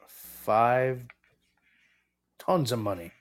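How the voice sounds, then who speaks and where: A man chatting on a panel, telling things in a drawn-out way. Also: medium pitch, animated. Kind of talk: casual chat.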